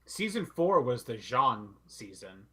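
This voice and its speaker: Blunt man with a bright voice. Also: mid-range voice, sing-song, takes it slowly. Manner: emphatic, blunt. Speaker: podcast co-host. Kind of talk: casual chat.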